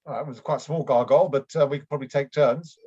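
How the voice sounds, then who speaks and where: A man with a mid-range, dark voice and a breathy edge improvises a comedy scene as a bumbling, out-of-shape middle-aged aristocrat. Lightly acted, he talks quickly with fairly even intonation, rambling hesitantly and riddling his speech with ums and restarted sentences. The audio comes through a dull, lo-fi video call.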